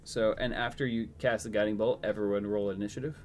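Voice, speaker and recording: A man's voice: on the low side, steady tone, fast talker, a little mellow, a little hiss or hum. A man narrating as game master of a tabletop game, rambling with many fillers.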